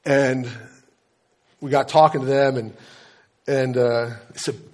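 A man's voice: mid-range voice, fairly even intonation, slow pace, long pauses, a little mellow. A middle-aged man preaching as a pastor, telling stories and acting out dialogue, often restarting his sentences. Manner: storytelling preacher, acts out dialogue, frequent restarts. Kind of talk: sermon.

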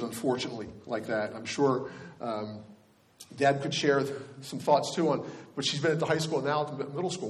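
Casting: older male pastor, earnest conversational sermon, mid-pitched voice. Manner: earnest, conversational preaching with restarts. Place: church.

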